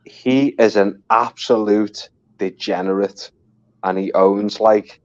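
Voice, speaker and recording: A man's voice: on the low side, fairly even intonation, takes it slowly, no echo. A man chatting casually and swearing on a live stream, laughing often as he tells stories. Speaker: guest on a live stream chat. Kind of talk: casual chat. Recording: dull lo-fi audio.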